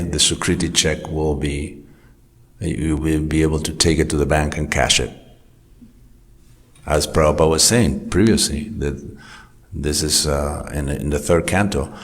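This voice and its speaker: Very deep-voiced man giving a temple class. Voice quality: anecdotal, conversational storytelling. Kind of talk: informal scripture class talk. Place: temple hall.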